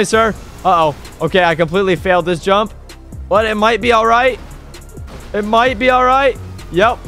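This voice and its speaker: Excitable and high-pitched, this young gaming YouTuber and server owner narrates a driving game live. He mocks the cops chasing him with cheeky taunts and breaks into yelps whenever he jumps or crashes.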